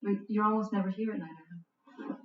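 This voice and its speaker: A woman's voice: mid-range voice, flat delivery, quick pace, slight background noise, lightly acted. A woman playing an anxious pregnant girlfriend. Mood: pleading. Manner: pleading, worried. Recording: echoey, dull TV audio from far off.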